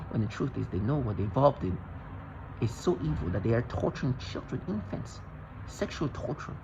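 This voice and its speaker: A man's voice: medium pitch, very animated, a little fast, slight background noise, poor audio. A man vlogging in an agitated, intense monologue, often restarting and repeating himself. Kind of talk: rambling monologue to camera.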